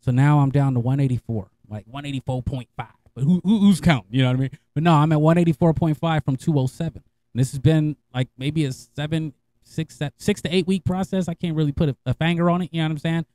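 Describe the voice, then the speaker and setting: A fairly high-pitched man talks casually to his listeners, swearing freely and breaking into laughter. He tells his stories in an animated, conversational way. He sounds middle-aged and relaxed. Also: fast, no echo. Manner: laughing, profane, animated storyteller. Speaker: podcast host. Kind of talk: casual storytelling monologue.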